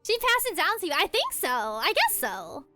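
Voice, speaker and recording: A young woman streaming a game from home, telling rambling stories in a casual, animated way. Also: extremely high pitch, moderate pace, faint music behind. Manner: animated rambling storytelling with frequent laughs. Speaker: VTuber streamer. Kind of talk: casual chat while playing a game.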